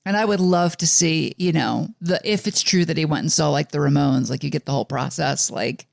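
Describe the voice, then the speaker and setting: Gravelly man chatting on a podcast. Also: fairly high pitch, a little fast, no echo, studio quality. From New York suburbs. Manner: rambling, with many fillers and restarts. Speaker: podcast co-host. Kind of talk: casual chat.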